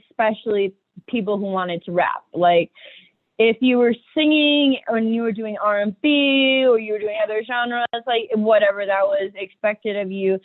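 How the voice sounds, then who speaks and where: A young woman rapper chatting casually as a podcast guest, excitable and profane, laughing often. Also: a little high, no room sound. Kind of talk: casual chat. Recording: dry tinny phone-like audio.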